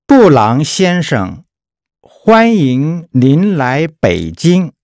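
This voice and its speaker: Very deep, slow woman modeling words. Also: big pitch swings, a little mellow, no echo. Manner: careful, drawn-out, exaggerated tones. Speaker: native-speaker model for pronunciation. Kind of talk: slow model pronunciation for repetition. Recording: dry studio recording.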